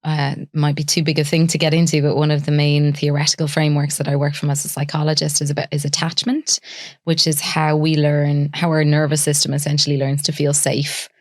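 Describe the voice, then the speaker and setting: Low-voiced woman psychologist explaining. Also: flat delivery, dry recording, clean studio sound. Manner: lifts her voice into a soft, sing-song tone when acting out talking to a child; measured, explains carefully with examples. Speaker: psychologist guest. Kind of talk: explanatory interview talk.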